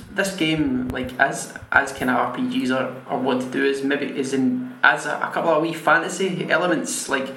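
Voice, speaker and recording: A man's voice: mid-range voice, fairly bright tone. A Scottish man in casual chat, rambling and restarting his sentences. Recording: echoey room with faint noise.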